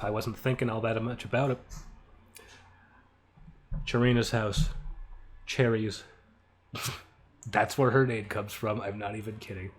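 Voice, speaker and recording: Offhand self-mocking man on commentary. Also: mid-range voice. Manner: offhand and self-mocking, laughs often, swears. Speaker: animator and show creator. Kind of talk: casual creator commentary.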